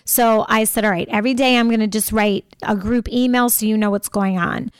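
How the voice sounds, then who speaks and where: A talkative woman guest telling stories in a casual interview, speaking in quick animated bursts. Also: mid-range voice, clear, resonant tone, dry recording, studio quality. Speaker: podcast guest.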